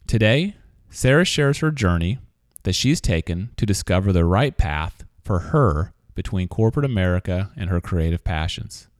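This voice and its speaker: A man with a lowish voice hosts a podcast. He reads a scripted introduction, then chats with his guest in a relaxed, conversational way. The recording is close and dry. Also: normal speed, hardly any pauses, no echo. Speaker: podcast host. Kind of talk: scripted narration and casual interview.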